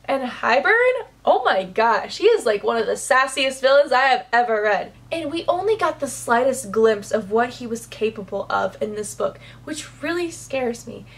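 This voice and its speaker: A woman reviewing a book in a casual vlog, gushing and excitable, with plenty of "like" fillers. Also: fairly high pitch, normal speed. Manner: gushing, excitable, says "like" a lot.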